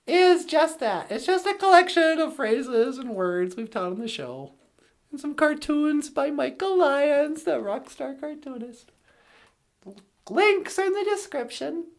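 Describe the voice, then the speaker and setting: Woman hosting a goofy little show, high voice, takes her time, chatty. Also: very animated, slow. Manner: chatty, playful, fond of fillers. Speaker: host. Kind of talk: casual comedy show hosting.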